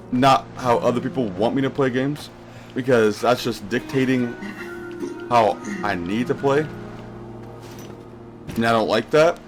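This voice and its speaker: Rambling young male streamer chatting with viewers. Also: medium pitch. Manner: rambling, talks straight to viewers, answers chat questions. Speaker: live streamer. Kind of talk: casual live-stream chat while gaming.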